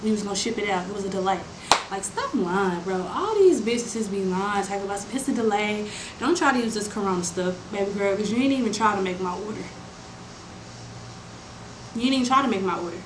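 A woman's voice: mid-range voice, fast. Exasperated young woman telling a storytime. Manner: animated, exasperated, slangy, addresses viewers as y'all. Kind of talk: casual storytime monologue. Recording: roomy with steady background noise.

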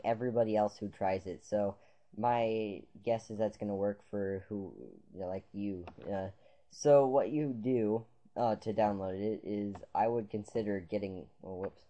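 A man's voice: fairly low pitch, warm tone. A man talking viewers through a computer tutorial in a loose, rambling way, full of "um"s, "uh"s and restarts. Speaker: tutorial maker. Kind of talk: casual screen-capture tutorial. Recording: dull lo-fi sound.

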